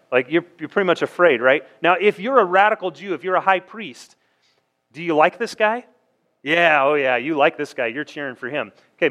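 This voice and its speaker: A man's voice: fairly high pitch, fairly bright tone. A man preaching a sermon, reading verses aloud and explaining them in a conversational way, asking the congregation rhetorical questions. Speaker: pastor.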